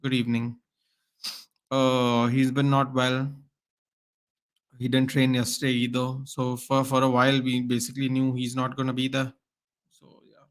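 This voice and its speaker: A man's voice: mid-range voice, monotone, normal speed, long pauses. A man hosting a live football watchalong, calling the play as a partisan fan and chatting with viewers. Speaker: watchalong host.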